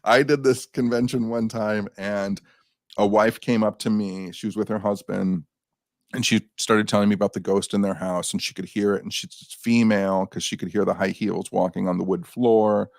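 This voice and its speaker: A man's voice: lowish voice, vocal fry, no room sound, clean studio sound. A man, a guest on a paranormal talk show, telling anecdotes in a casual chat and acting out the people he quotes. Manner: animated anecdote teller, acts out quotes.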